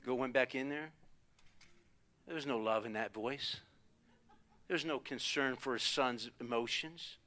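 A man's voice: mid-range voice, a little slow, long pauses. A middle-aged man, a pastor, preaching a sermon and telling family stories, acting out the voices of the people in them. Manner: animated storytelling, acts out quoted voices.

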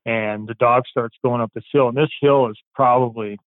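A man's voice: medium pitch, steady tone, moderate pace, no echo. Man telling a story over a tinny line. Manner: rambling, acts out quoted dialogue. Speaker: police K9 handler. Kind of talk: casual storytelling. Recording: tinny phone-like line, dry.

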